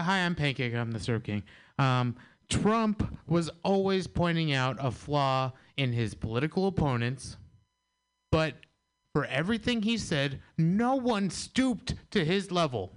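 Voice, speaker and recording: A man doing a stand-up set, his pitch moving around a lot. His voice sits slightly high. He slips in offhand asides between jokes. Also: expressive, unhurried, clear, resonant tone. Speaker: stand-up comedian. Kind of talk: stand-up routine.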